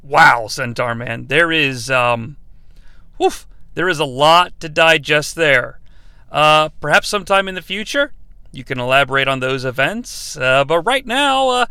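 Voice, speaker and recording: A man's voice: fairly high pitch, expressive, unhurried, sharp tone, smooth, no echo. A man hosting a comedy podcast, reading listener questions in an overly polite, mock-earnest manner. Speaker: podcast host.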